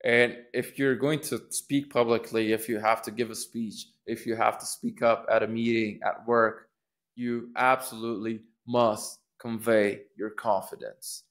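A man's voice: mid-range voice, little pitch movement, unhurried, a bit bright. A man teaching public speaking in a casual lesson, thinking aloud with restarts and acting out rising and falling intonation on sample phrases. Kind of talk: casual instructional talk.

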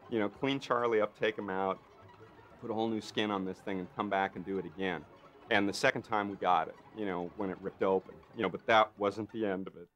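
A man, a makeup effects artist, telling a lively behind-the-scenes story in an interview and acting out what other people said. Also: on the low side. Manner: animated storyteller, acts out others' lines. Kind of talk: interview anecdote.

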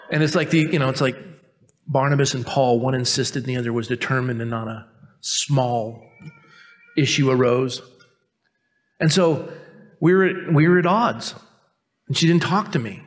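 A male pastor in his fifties preaching a sermon in a conversational, self-mocking way, telling a personal story and acting out the people in it. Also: medium pitch. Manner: conversational, self-mocking, acts out quoted voices. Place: church sanctuary.

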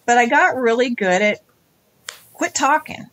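A woman's voice: on the high side, animated, a little slow, fairly bright tone. A middle-aged woman, an interview guest, telling her story candidly and animatedly, acting out quoted dialogue.

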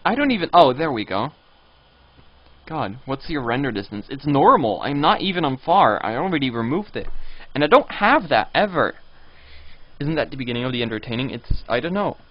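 With a sing-song delivery at a fairly quick clip, a medium-pitched male streamer narrates his game, rambling and reading chat and signs aloud. The recording is dry, with the dull, low-fidelity sound of a stream.

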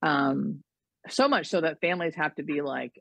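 Hospice-nurse guest, woman, low gravelly voice, chatty storyteller who acts out quotes. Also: normal speed, fairly bright tone, no room sound. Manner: chatty, lots of likes and you-knows, acts out quotes. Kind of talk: casual interview storytelling.

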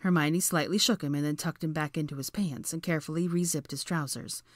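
A woman reading fan fiction aloud as audiobook narration. Her voice sits low and she reads in a measured, even way. The recording is dry and close. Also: dry recording.

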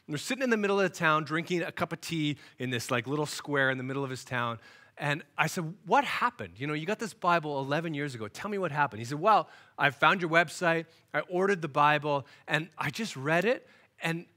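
A man preaches in a bright, ringing voice that climbs and drops all through his stories. He slips into the voices of the people he is quoting, so the sermon feels like a story told aloud in church. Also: fairly high pitch, expressive, a little fast. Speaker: guest speaker. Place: church, recorded for online worship.

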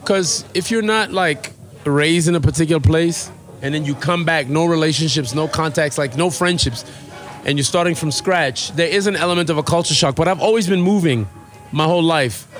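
Relaxed man with a mid-Atlantic accent. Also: on the high side, moderate pace, soft background music. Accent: mid-Atlantic mix of American and South African. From born in South Africa, raised in the US. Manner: relaxed, rambling storyteller with many fillers. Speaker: podcast guest. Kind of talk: casual interview chat. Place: podcast studio.

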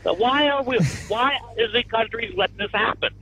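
A man's voice: very high-pitched, moderate pace, sharp tone. A man calling in to a radio show, speaking bluntly and indignantly. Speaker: caller. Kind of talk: call-in opinion. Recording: dull phone line.

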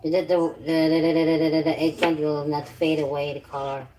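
A woman's voice: sits low, little pitch movement, moderate pace, warm tone, slight background noise. A woman hosting a casual live stream while she cooks. She chats playfully, greets and thanks viewers by name, and chuckles often. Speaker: livestream host.

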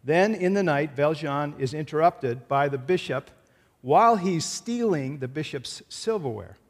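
A man's voice: fairly high pitch, lively intonation, unhurried. A man preaching a sermon as pastor in a church, earnestly retelling a film scene. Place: church sanctuary. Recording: church hall reverb.

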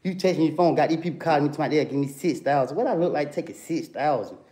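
A man's voice: on the high side, very fast, dark tone. Heated man ranting on stream. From Atlanta, USA. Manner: confrontational, repetitive, keeps saying bro and come on man. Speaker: livestreamer. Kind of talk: heated livestream rant.

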